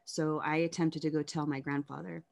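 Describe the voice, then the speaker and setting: A woman telling her life story in an interview, candid and reflective, often halting and restarting. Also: low-pitched, little pitch movement, gravelly, a little mellow.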